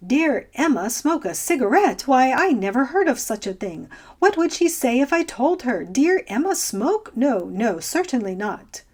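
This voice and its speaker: A woman voicing a fussy, anxious elderly gentleman who talks in a prim, fretful, genteel way. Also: on the high side, animated, normal speed, close to an everyday voice.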